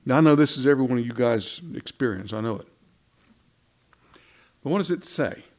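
A man's voice: mid-range voice, brisk. Man, preacher, conversational sermon, wry humor, rhetorical questions, microphone.

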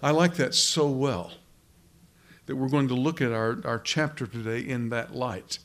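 A male pastor delivers a sermon in a relaxed, conversational way. His voice sits at an ordinary middle pitch. He restarts phrases and poses rhetorical questions as he explains.

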